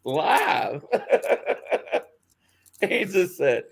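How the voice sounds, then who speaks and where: A man hosts a live online show and talks casually. He drawls slowly with a gravelly edge, and his pitch swings widely as he keeps breaking into laughter. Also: sing-song. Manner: laughs a lot, spelling out names while typing. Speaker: show host. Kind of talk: casual live-stream chat.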